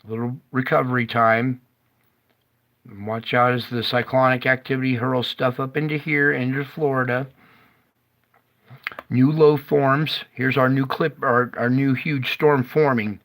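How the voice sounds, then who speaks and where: A man presenting a casual live-stream weather report, talking in a slow, stop-start way and praying aloud under his breath when things go wrong. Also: medium pitch, flat delivery, fairly bright tone.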